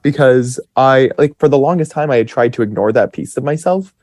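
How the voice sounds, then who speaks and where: A man's voice: medium pitch, a little fast, a little mellow, no echo, clean studio sound. A man in his twenties, a podcast guest, telling stories in a chatty, rambling way with lots of fillers and quoted self-talk. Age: 20s. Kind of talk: casual storytelling.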